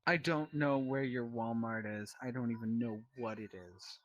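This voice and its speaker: A man's voice: mid-range voice, moderate pace, fairly bright tone, no echo, lo-fi sound, close to an everyday voice. A man voicing a grumpy male space being in a fan animation, exasperated and dismissive. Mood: annoyed.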